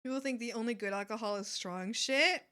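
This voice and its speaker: A woman's voice: fairly high pitch, a little fast, bright, forceful tone. A woman streamer chatting casually with her viewers, laughing often and swearing offhandedly.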